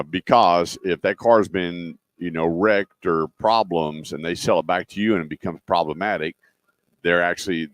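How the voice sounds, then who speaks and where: This is live radio talk from a remote broadcast at a dealership: a middle-aged man with a low voice hosts a car show, telling homespun stories full of fillers and running dealership promos. The sound has no echo.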